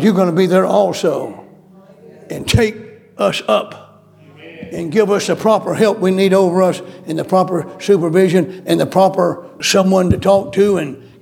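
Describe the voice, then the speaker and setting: A man's voice: steady tone, moderate pace, gravelly, darkish tone. A man preaching a sermon, pleading and repeating his prayers over and over. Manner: pleading, repetitive, with bursts of pitch.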